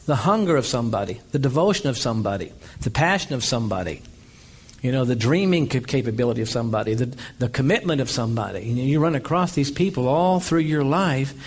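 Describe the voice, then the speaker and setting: A male pastor preaching an energetic sermon, telling stories and calling for amens. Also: medium pitch, fast talker, breathy edge. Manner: energetic, calls for amens, storytelling.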